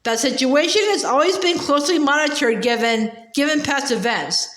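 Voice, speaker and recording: A stern middle-aged female official, read by a woman narrating a storybook, clipped and sharp. The voice sits high. A roomy echo colours it. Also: animated, normal speed. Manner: sharp and impatient.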